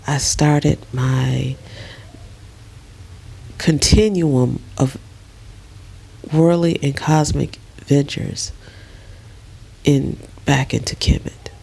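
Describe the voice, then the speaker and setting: A middle-aged woman lying in bed in a dark bedroom, talking slowly and emotionally in a soft, often half-whispered voice. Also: very deep voice, gravelly, slightly rough. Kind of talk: casual personal vlog.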